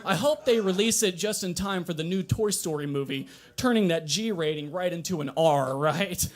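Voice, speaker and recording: High-voiced young man doing stand-up. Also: moderate pace. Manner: wry, deadpan delivery breaking into laughs and shouted asides. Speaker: stand-up comedian. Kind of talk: stand-up comedy set at an open mic. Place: small coffee shop open mic.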